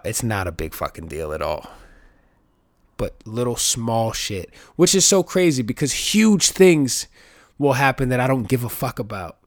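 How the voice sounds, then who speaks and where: With a fairly low-pitched voice on a dry recording, a man hosts a podcast in a loose, rambling monologue. He swears a lot and gets animated, his voice jumping up, when he imitates other people.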